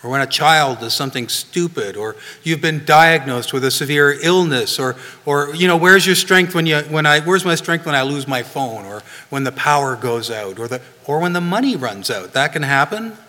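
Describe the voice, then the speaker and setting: Conversational preacher in an echoey hall. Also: male voice, on the high side, expressive, normal speed, few pauses, bright, forceful tone. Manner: conversational, frequent "you know" and "right?" asides. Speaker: pastor. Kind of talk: sermon. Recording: long reverb of a hall.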